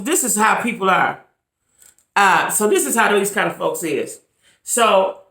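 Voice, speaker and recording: Woman, vlogger, emphatic, repetitive, mid pitch, roomy echo. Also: fairly bright tone. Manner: emphatic, repetitive, addresses viewers directly. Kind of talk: casual commentary to camera. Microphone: camera mic.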